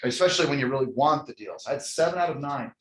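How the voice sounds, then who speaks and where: A man leading a motivational real estate sales training for a live audience, energetic and preachy, calling on people by name. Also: medium pitch, quick pace, slight background noise. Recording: echoey room.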